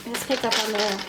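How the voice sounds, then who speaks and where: A woman's voice: a little high, very noisy. A woman giving a casual pick-a-card tarot reading, playful and chatty, laughing often as she talks. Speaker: tarot reader.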